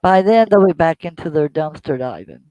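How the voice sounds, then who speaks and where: A man's voice: on the high side, expressive, moderate pace, mellow, dry recording, poor audio. A man chatting casually and teasing, joking along with the host. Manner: teasing, jokey. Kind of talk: casual chat.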